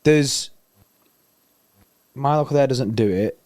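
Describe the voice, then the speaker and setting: A man's voice: medium pitch, takes it slowly, a little mellow. A man co-hosting a live football watchalong, chatting laid-back and laughing easily. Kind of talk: casual banter on a livestream.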